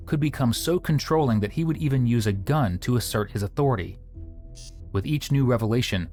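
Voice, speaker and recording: A man narrating a true-crime documentary from a script, with a serious, measured delivery. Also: medium pitch, darkish tone. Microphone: studio voice-over mic. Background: faint music.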